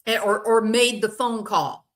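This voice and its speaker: Older lady giving her blunt opinion, bright voice, slow and emphatic. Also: fairly high pitch, fairly even intonation. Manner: opinionated, emphatic, plain-spoken. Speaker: commentary channel host. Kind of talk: casual commentary.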